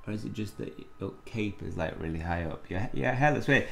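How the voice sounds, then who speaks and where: A man's voice: lowish voice, expressive, vocal fry. A man casually commenting on a game as he plays, reading its text aloud and joking. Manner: playful, jokey, quick to laugh at himself. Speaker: gaming YouTuber.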